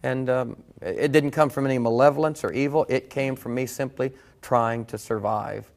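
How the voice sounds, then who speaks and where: A man's voice: medium pitch, fairly even intonation, normal speed. A middle-aged man, earnestly telling his own story as a preacher in a reflective conversation. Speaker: guest preacher. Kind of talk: personal testimony in conversation.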